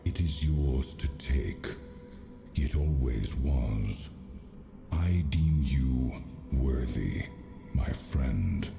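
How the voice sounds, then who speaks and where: Super deep gravelly old spirit, slow and grave, game music going loud behind. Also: male voice, heavily acted.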